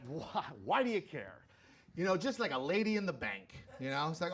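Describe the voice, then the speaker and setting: A man doing a stand-up routine, telling self-mocking stories in an animated way. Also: on the high side, normal speed, crowd noise. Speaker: stand-up comedian.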